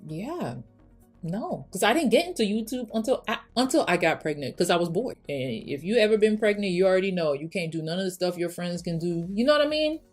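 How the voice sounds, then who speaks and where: A young woman chatting casually as she does her makeup on camera, rambling with many restarts. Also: on the low side. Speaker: beauty YouTuber. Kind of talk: casual get-ready-with-me chat.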